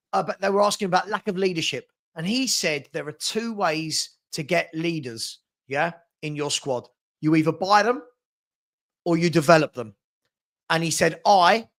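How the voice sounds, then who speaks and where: Higher-voiced exasperated man. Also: a bit bright. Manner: exasperated, emphatic. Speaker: co-host. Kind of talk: casual football chat.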